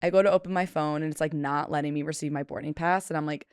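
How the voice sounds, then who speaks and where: A woman's voice: deep voice, steady tone, fast talker, darkish tone, clear, resonant tone, dry recording, studio quality. A woman in her twenties hosting a solo podcast, telling stories in a chatty, self-deprecating way and acting out the people she quotes. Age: 20s. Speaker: podcast host. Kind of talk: casual solo podcast storytelling.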